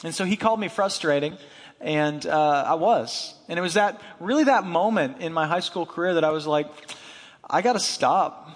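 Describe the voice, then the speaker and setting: A man's voice: fairly high pitch, a little fast. A man telling a personal story as part of a sermon, casual and chatty, with many fillers and asides. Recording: long hall reverb.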